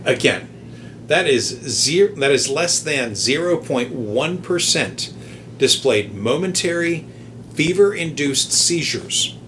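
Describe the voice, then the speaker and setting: A man hosting a podcast, calmly and methodically explaining study findings. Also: medium pitch, slight background noise. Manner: measured, methodical fact-checking. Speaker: podcast host. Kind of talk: explanatory commentary.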